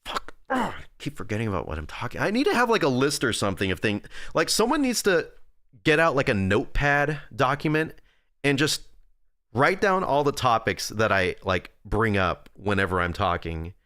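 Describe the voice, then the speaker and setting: On a livestream, a young man talks casually at normal speed into a nearby desk mic, wandering off track, responding to chat, and mocking himself. His mid-range voice is very animated with a sharp tone, and the recording is dry.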